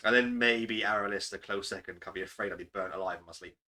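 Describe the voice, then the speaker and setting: A man's voice: on the low side, fairly even intonation, quick pace, bright, forceful tone. A young man, a game master, chatting casually and rambling about his campaign with casual swearing. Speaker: game master answering questions. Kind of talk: casual podcast Q&A chat.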